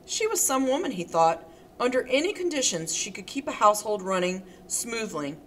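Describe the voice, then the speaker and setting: A woman reading a novel aloud as an audiobook narrator, in a steady, expressive manner. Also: fairly high pitch, normal speed, slight background noise. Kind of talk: scripted narration.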